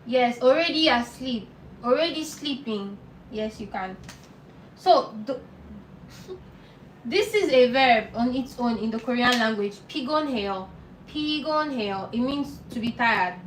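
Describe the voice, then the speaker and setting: Woman teaching, repeating words slowly. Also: a little high, recorded from a distance. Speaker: Korean language teacher. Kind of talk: live online language lesson. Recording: roomy echo, off-mic, faint noise.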